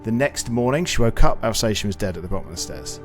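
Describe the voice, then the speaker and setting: A young man spins a story on a podcast, low-pitched and lively, swearing freely and acting out the people in it. Faint music sits behind him. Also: quick pace. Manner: animated, swears freely, acts out quoted voices. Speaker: podcast co-host. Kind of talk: casual storytelling chat.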